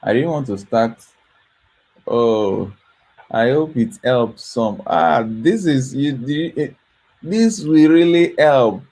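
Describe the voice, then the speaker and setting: A tired man from Africa speaks slowly in a low, mellow voice. His talk is earnest, grateful and repetitive, recorded late at night. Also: creaky, low-quality recording. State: tired, yawning. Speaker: foundation host.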